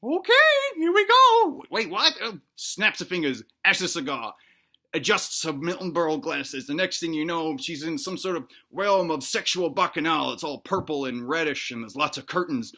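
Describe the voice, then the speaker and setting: A man rambling through an improvised comic story with a bright, forward tone. His delivery is crude and deadpan, full of restarts and asides. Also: on the high side, normal speed. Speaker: comedic storyteller.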